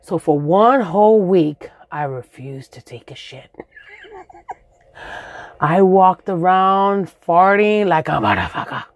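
A young woman telling a profane, animated comic story about her childhood. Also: lowish voice, takes it slowly. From Brooklyn, New York. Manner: animated, profane, acts out voices in shrieks.

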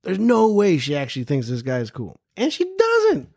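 A man's voice: on the high side, huge pitch swings, moderate pace, creaky, darkish tone. A man hosting a podcast, telling a casual, profane story and repeating phrases for emphasis. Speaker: podcast host.

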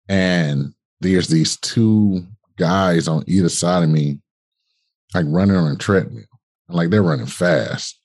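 Husky deep-voiced man telling a story. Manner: animated, colloquial, swearing, acts out dialogue. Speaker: podcast guest. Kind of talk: casual storytelling in an interview.

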